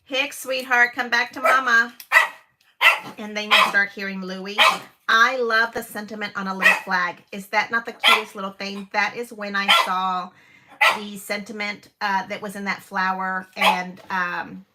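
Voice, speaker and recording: A woman in her fifties hosts a casual crafting livestream from her home, gushing over every piece, exclaiming often and using plenty of fillers. Her voice sits in the mid range with a level tone and normal speed, and heavy background noise runs under it.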